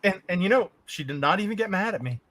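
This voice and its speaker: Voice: medium pitch, expressive, fast talker, fairly bright tone, a little hiss or hum. A podcast co-host from Canada chatting casually, telling profane stories and laughing often. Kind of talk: casual chat.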